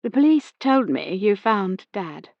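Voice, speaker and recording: A woman voicing a smooth, well-dressed car salesman who has just lost his father, courteous but shaken. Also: sits high, very animated, measured pace, dry recording, highs cut off, exaggerated voice. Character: smooth young male car salesman, grieving son.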